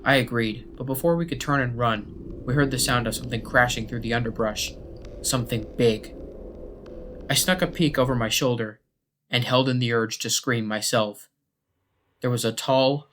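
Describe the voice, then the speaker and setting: Man narrating a horror story. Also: medium pitch. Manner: steady, measured first-person telling. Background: faint background music.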